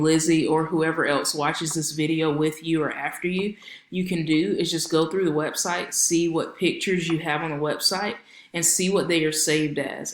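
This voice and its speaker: A woman's voice: deep voice, reverberant. A woman consultant giving a casual screen-share walkthrough of a website, chatty and friendly with lots of filler ums. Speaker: marketing consultant.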